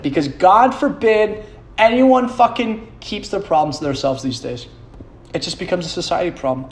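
Young man, podcast host, rambling solo chat, swears a lot, laughs often, slightly high voice. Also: a little mellow. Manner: profane, self-mocking, laughs often.

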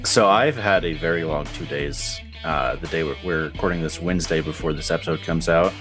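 A man's voice: rumbling low, fairly quick, over music. A man co-hosting a podcast in casual chat, rambling with lots of fillers, his voice worn and tired. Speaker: podcast co-host.

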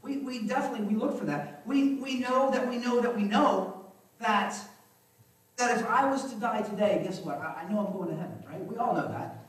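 A pastor preaches in a relaxed, conversational way, often repeating a phrase and asking the room whether they agree. His voice sits fairly high for a man. He sounds a little distant from the mic, and a heavy echo from the sanctuary hangs on every word. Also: normal speed. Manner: conversational, repeats phrases, asks the congregation questions. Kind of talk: sermon. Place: church sanctuary. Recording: very echoey church hall, mic from a distance.

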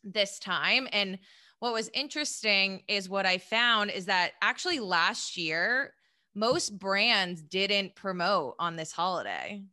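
A young adult woman co-hosting a podcast in casual chat, enthusiastic and quick to laugh. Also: medium pitch, lively intonation, bright, forceful tone. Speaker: podcast co-host.

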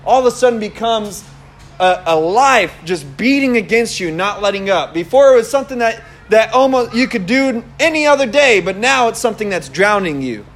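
A young man with a notably high voice preaches in a loose, conversational way. He tells stories with energy and breaks into laughs along the way. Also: moderate pace. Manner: conversational, animated storytelling with laughs. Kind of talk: casual sermon.

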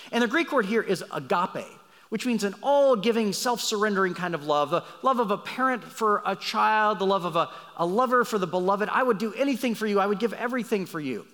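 Male pastor, sermon delivery, expressive and rising on key words, fairly high voice, reverberant hall. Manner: animated preaching, swings between loud emphasis and quiet asides. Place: large church hall.

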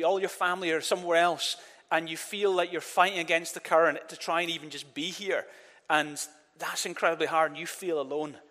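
A man's voice: a little high, pushed and bright. A man preaching a sermon in an earnest voice, often repeating words and leading the congregation in call-and-response. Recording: long reverb of a church hall.

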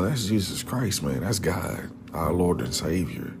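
A man with a very low voice talks slowly and earnestly in an informal devotional message. He often sinks to a whisper on key words and keeps a casual tone, calling listeners "man". Clear music plays under him. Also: animated. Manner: casual, repeatedly says "man". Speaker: Christian speaker.

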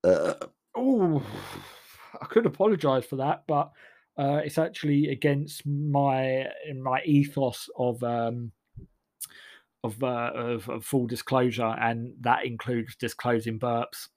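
A man's voice: medium pitch, flat delivery, unhurried, darkish tone. A man delivers a sardonic, rambling comic monologue full of restarts.

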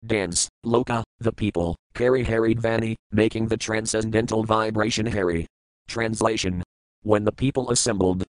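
A man reading scripture verses aloud in a measured, deliberate way, with word-by-word glosses and translations. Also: mid-range voice, no echo, poor audio. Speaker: scripture reader.

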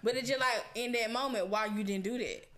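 Blunt, animated woman chatting. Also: fairly high pitch, brisk. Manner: blunt, profane, animated storytelling. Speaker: co-host. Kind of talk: casual chat.

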